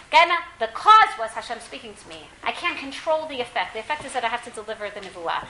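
Bright, high-voiced woman teaching a class. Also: fast talker, few pauses, reverberant, a little hiss or hum, rough recording. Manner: lively, questioning, calls on students. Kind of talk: classroom Bible lesson.

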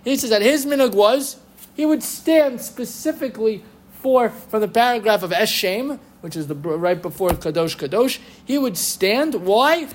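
A man giving a lively lecture on Jewish law, quoting rabbinic sources and chanting Hebrew phrases. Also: high-pitched, unhurried. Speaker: Torah teacher. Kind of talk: halachic lecture.

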